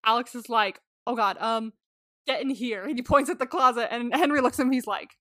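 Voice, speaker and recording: Slightly high, pushed, and bright, her voice runs a little fast in a dry, studio-quality recording. She's a podcast co-host in a casual recap chat, animated and freely swearing, laughing often and acting out quotes.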